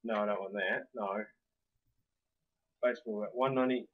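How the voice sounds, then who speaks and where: A man giving casual let's-play commentary, swearing often and swinging between low muttering and loud outbursts. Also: fairly even intonation, normal speed, narrow, tinny audio. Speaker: gameplay commentator.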